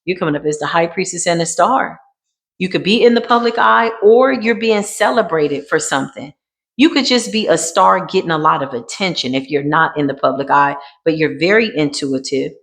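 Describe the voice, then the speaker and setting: A woman giving a dramatic tarot card reading in a sassy way, dropping to a hush and then rising to emphatic bursts. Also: on the low side. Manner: sassy, dramatic, swings between hushed and emphatic. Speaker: tarot reader.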